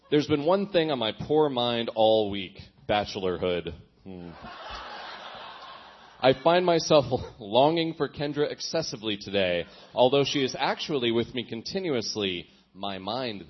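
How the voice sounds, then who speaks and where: A young man reads his old diary aloud for laughs, breaking off for self-mocking asides. His voice sits at a middle pitch and he chuckles often. The recording is dull and lo-fi. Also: lively intonation, moderate pace. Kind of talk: comic reading with asides.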